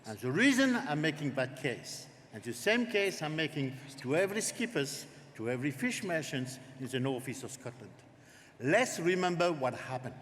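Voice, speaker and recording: A man from France with a French accent, a native French speaker, giving a lively, direct political speech to a conference. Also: on the high side. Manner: warm-up jokes, lively and direct. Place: large conference hall. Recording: long hall reverb, faint noise.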